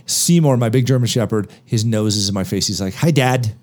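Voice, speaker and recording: A man's voice: on the low side, fairly quick, a little mellow. A man speaking on a podcast about a book of motivational advice, emphatic and full of rhetorical questions. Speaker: podcast guest author.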